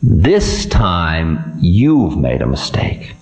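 A sneering demon king, played by a man, slow and low, drawling every taunt. His words stretch out unhurried with plenty of swing, and the voice rings in an echoey room. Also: wildly swooping pitch, a little mellow, full character voice. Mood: defiant. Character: Ravana, scornful mocking demon king, male.

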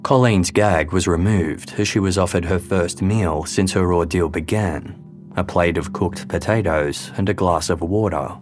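Deep-voiced man narrating true crime. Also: faint music behind. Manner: measured, grave storytelling. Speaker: podcast host.

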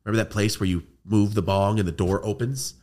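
A man hosting a podcast, telling a story in casual chat, animated and swearing a lot. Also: on the low side, brisk. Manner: animated, swearing, quoting friends in put-on voices. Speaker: podcast host.

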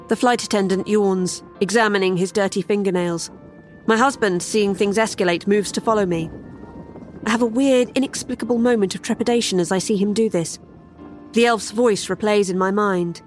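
A woman's voice: medium pitch, moderate pace, faint music behind. A woman narrating a first-person horror story in a wry, sardonic way.

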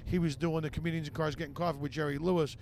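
A man with a high, gravelly voice, talking as a comedian guest on a podcast. He tells stories in an animated, swearing way and jumps into other people's lines as he goes. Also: very fast, slight background noise. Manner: animated, profane anecdote teller who acts out other people's lines. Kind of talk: podcast storytelling.

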